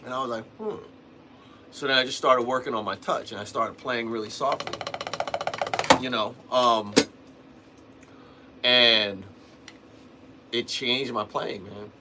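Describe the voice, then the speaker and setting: In a very noisy recording, a livestream host talks casually about drumming in a mid-range voice with fairly even intonation, a little slow and pausing often. His teaching talk rambles, with restarted sentences and plenty of "man" and "you know."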